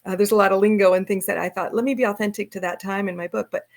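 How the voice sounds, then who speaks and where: Gravelly-voiced woman telling travel stories. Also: medium pitch, fast. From Southern California. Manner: lively storyteller acting out quoted voices. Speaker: guest, author and traveler. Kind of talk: storytelling in an interview. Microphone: video call.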